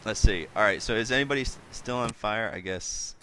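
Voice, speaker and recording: A man's voice: lowish voice, brisk, pushed and bright, slight background noise. A man running a tabletop game as game master, loose and joking, laughing often.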